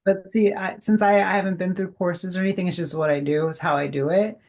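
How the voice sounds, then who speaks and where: A middle-aged woman, a guest medium, telling an animated personal story in casual chat and acting out the dialogue. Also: fairly low pitch, fast. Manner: animated, heavy use of "like", acts out quoted dialogue.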